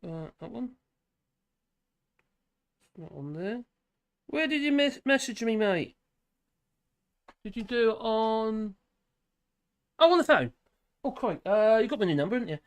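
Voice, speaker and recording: A man's voice: sits high, big pitch swings, a little slow, long pauses. A man hosting a live stream in casual chat, rambling, laughing often and trailing off mid-sentence.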